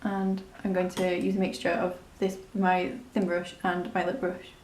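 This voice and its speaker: A woman's voice: lowish voice, completely flat delivery, moderate pace, darkish tone, echoey room, slight background noise. A woman talking through a makeup tutorial in a chatty, rambling, self-deprecating way. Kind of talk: casual step-by-step tutorial narration.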